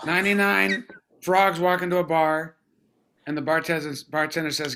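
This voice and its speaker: A man improv performer on a video call, telling jokes in a dry, quiet delivery. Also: a little high, little pitch movement, moderate pace, a little hiss or hum.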